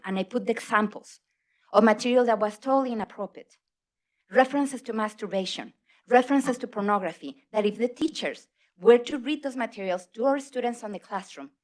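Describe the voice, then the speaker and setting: Middle-aged woman, non-native English speaker, public commenter; emphatic, earnest delivery. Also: mid-range voice. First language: not English. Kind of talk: public comment at a school board meeting. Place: meeting hall.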